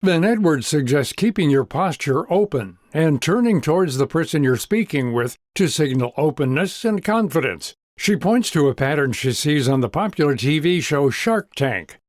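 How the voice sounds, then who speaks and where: A man's voice: fairly high pitch, lively intonation, moderate pace, hardly any pauses, dry recording, clean studio sound. A man hosting a radio program, reading scripted narration between interview clips. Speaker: radio host.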